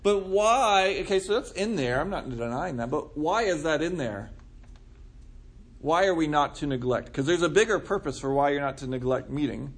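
A man's voice: a little high, animated, normal speed, breathy edge. A man preaching a conversational sermon, asking the congregation questions and answering them. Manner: casual, asks the room questions. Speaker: pastor.

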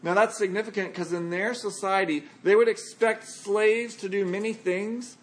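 A man's voice: high voice, steady tone, normal speed. A man preaching a sermon, reading scripture and explaining it in a conversational way. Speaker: pastor.

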